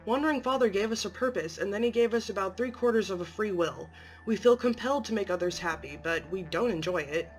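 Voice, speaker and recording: Woman doing a resentful young male creation, low flat delivery, faint music under it. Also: quick pace, close to an everyday voice. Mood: bitter. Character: weary, bitter young male humanoid creation. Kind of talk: amateur story reading.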